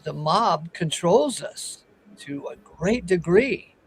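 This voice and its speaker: A man leading a casual Bible discussion, explaining scripture in an expressive, teasing way. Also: sits high, takes it slowly, a little hiss or hum, poor audio. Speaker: Bible teacher.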